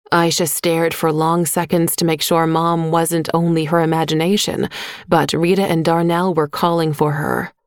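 Woman reading a story, lowish voice, dead dry studio sound. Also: dry recording. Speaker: audiobook narrator. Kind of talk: scripted narration.

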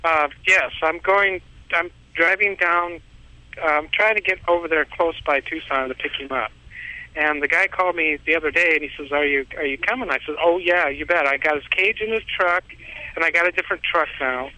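A man's voice: a little high, moderate pace, bright, forceful tone, dry recording, low-quality recording. A man calling in, telling a long story in a rambling, repetitive way and laughing at himself. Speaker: caller. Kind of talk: casual phone-in storytelling.

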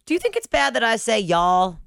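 A woman's voice: on the high side, very animated, brisk, gravelly, a bit bright, smooth, no echo, clean studio sound. A woman from Ohio co-hosting a podcast, chatting and musing casually. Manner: chatty, musing, laughs easily. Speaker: podcast co-host. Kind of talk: casual chat.

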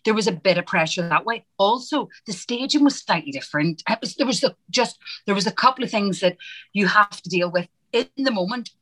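Middle-aged Irish actress, bright and animated storyteller, dry close recording. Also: female voice, medium pitch, brisk, dry recording, poor audio. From Ireland. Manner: lively storyteller, acts out her own past lines. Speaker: guest, stage actress. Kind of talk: casual interview chat.

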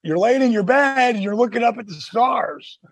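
A man in his sixties co-hosting a podcast in casual chat, animated and quick to laugh. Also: very high-pitched, slightly rough, dry recording. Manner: animated storyteller, laughs often. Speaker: podcast co-host.

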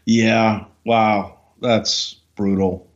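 A man's voice: fairly low pitch, flat delivery, very slow, muffled recording. An older man, co-host of a podcast, talking in a blunt, dry and teasing way in casual chat. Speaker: co-host, wrestling veteran.

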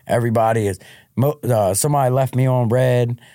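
A man's voice: medium pitch, a little fast, dark tone, no room sound, studio quality. A man being interviewed on a podcast, telling his life story in a frank, casual way and often restarting his words. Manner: frank, repeats word starts. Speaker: podcast guest.

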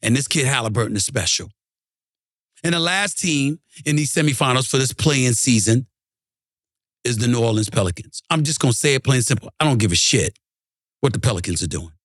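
A man's voice: medium pitch, expressive, a little fast, a bit bright, dry recording, clean studio sound. A man hosting a sports talk show, ranting emphatically and repeating lines for punch. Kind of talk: ranting sports commentary monologue.

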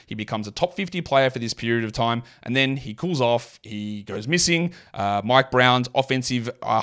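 A mid-pitched man from Australia with a mild Australian accent, hosting a solo sports podcast. He rattles off statistics quickly and breaks them up with casual asides. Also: fairly bright tone. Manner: rapid stat-heavy delivery with asides. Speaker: fantasy basketball podcast host.

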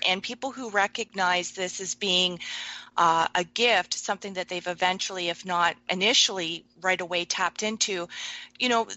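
Woman interviewer, bright sharp voice, long winding questions, dry close sound. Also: medium pitch, no echo, rough recording. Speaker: interview host.

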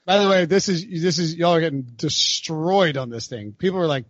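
A man co-hosting a sports podcast in casual banter, jokey and animated. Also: fairly high pitch, moderate pace, no room sound. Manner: jokey, animated, slips into silly voices. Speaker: podcast co-host. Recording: dull, lo-fi, dry studio sound.

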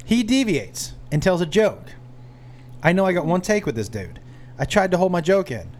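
A man's voice: high voice, big pitch swings, moderate pace, darkish tone, a little hiss or hum. A man co-hosting a podcast, telling an anecdote with a dry, teasing delivery in a casual chat.

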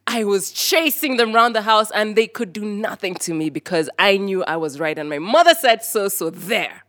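A woman from Kenya telling a personal story on stage, lively and animated, acting out the voices of people in it. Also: medium pitch, moderate pace, few pauses, no room sound, studio quality.

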